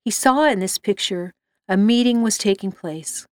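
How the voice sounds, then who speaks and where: A woman narrating a story in a steady, measured reading voice. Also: medium pitch, dry recording.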